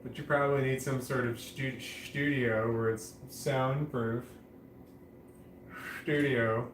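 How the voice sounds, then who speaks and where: Droning monotone man with a slight lisp. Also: mid-range voice, slow pace, echoey room, a little hiss or hum, poor audio. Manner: flat, droning monotone with many restarts. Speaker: vlogger. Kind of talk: casual monologue to camera.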